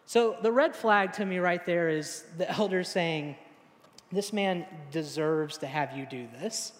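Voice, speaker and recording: A man's voice: measured pace, reverberant, in a large hall. A young man preaching a sermon in a casual, storytelling way, acting out the people he quotes. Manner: casual, storytelling, acts out quotes with rising pitch. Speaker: pastor.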